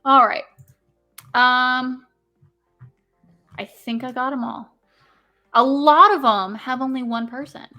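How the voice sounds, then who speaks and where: A woman's voice: sits high, steady tone, takes it slowly, pauses often, highs cut off, faint music behind. A young woman co-hosting a casual live stream, rambling and swearing as she tallies votes. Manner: rambling, swearing, tallying aloud. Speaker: podcast co-host.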